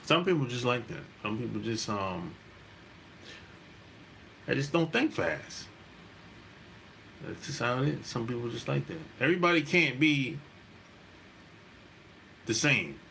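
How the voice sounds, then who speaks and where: A man hosting a dating-advice channel, talking in a relaxed, rambling monologue, repeating his points and laughing often. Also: mid-range voice, measured pace, creaky, long pauses, a little hiss or hum. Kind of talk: casual monologue.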